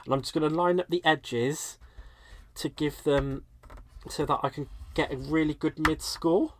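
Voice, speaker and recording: A man's voice: on the high side, steady tone, moderate pace. A British man hosting a live crafting tutorial in a chatty way, talking viewers through each step while a bit stuffy from a cold. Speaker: crafting livestream host.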